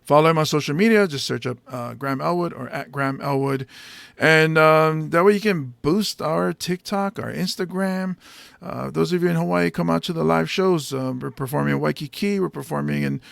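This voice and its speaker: A man's voice: on the high side, moderate pace, gravelly, no room sound. A man hosting a comedy podcast, chatting casually and playfully and slipping into jokey bits. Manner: playful, joking, slips into bits.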